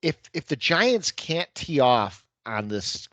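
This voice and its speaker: A man co-hosting a casual sports podcast, measured and giving his predictions with small laughs. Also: fairly high pitch, sing-song, a bit bright, no room sound. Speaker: podcast co-host. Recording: muffled lo-fi mic.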